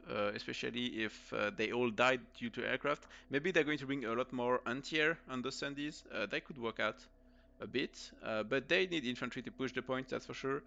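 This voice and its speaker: A man's voice: mid-range voice, creaky, bright, forceful tone, muffled recording. Tired French man casting a game. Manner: tired, rambling with many fillers. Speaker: esports caster. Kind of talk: live game commentary.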